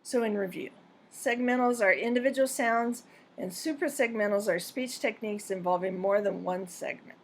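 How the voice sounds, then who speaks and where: Woman, lesson narrator, measured and precise, mid-pitched voice. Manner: clear, deliberate, measured delivery. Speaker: pronunciation teacher. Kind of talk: scripted instructional narration.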